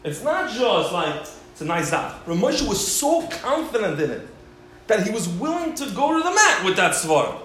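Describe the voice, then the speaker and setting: Animated man lecturing in an echoey room. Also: high voice, normal speed. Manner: animated storyteller, acting out quoted voices. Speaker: rabbi teaching a class. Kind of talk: Torah lecture with storytelling. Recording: very echoey room, faint background hiss.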